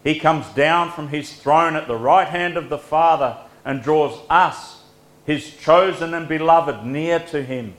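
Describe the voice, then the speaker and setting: A man preaching a devotional sermon in a gentle, earnest way, letting his phrases fall soft at the ends. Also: on the high side, unhurried, reverberant, low-quality recording.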